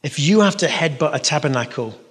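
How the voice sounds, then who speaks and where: A man's voice: a little high, animated, fairly quick. English male preacher, emphatic and repetitive, playful asides, big reverberant hall. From England. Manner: emphatic, repeating phrases, playful noises. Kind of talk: sermon. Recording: long reverb of a large hall.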